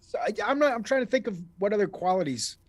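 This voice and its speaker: A man's voice: high-pitched, big pitch swings, fast, no room sound, muffled recording. Man, slight East Coast accent, interview guest, rambling, restarts often, dry sound. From Miami, USA. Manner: chatty, rambling, frequent restarts. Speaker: guest actor. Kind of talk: casual interview chat.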